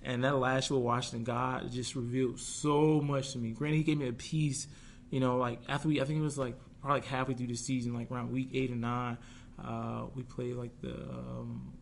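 There's slight background noise as a young pro football player, interviewed as a guest, speaks a little fast in a mid-range voice with vocal fry and little pitch movement. Candid and reflective, he recalls a tough career stretch, restarting often and voicing his past thoughts in quoted asides.

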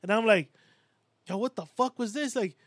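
A high-pitched man in his thirties tells crude stories with heavy swearing and plays everyone in them. His voice sounds close and dry, with no room around it. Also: normal speed, no room sound. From Puerto Rico. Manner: profane storytelling, mimics people in quotes. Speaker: podcast co-host. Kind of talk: casual chat.

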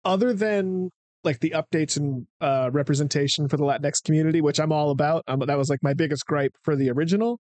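A man's voice: a little high, quick pace, darkish tone, no echo. A man on a casual movie podcast, skeptical and laid-back, repeating himself with fillers. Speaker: podcast co-host.

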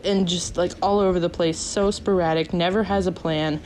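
A woman in her twenties casually telling a story on a podcast, animated, laughing often and acting out what people said. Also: on the low side, normal speed, slight background noise, poor audio. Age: 20s.

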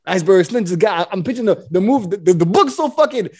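A man, co-hosting a casual podcast and telling an animated story, switching into a slow, bossy voice when he quotes himself. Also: high-pitched, slightly rough. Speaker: podcast co-host.

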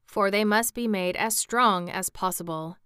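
A sensible tin man who speaks in a measured, matter-of-fact way, as a woman reading a storybook voices him. Bright and very clear with a dry sound. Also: medium pitch, no echo, close to an everyday voice.

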